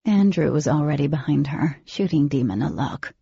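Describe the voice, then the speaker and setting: Husky, gravelly woman narrating a novel. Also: low-pitched, lively intonation, moderate pace, dark tone, dry recording. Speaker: audiobook narrator. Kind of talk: first-person novel narration. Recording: dull lo-fi recording, dry.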